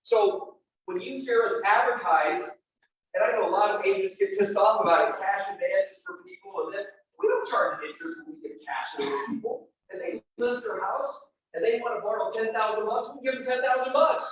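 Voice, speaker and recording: Speaking at normal speed in a high-pitched voice, a middle-aged man addresses a real estate audience head-on with an animated personal story. The distant mic captures heavy room echo and a faint hiss.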